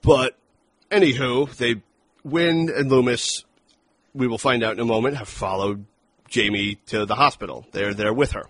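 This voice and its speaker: A man's voice: mid-range voice, moderate pace, fairly bright tone, dry recording. A man co-hosting a film review podcast, talking casually and profanely, acting out lines from the movie. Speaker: podcast co-host.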